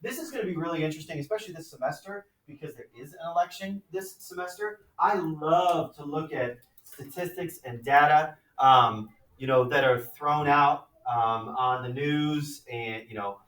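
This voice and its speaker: A man teaching a high school math class, lecturing conversationally and often checking in with "right?" and "okay?". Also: normal speed, few pauses, a bit bright, recorded from a distance. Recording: echoey classroom, mic from afar.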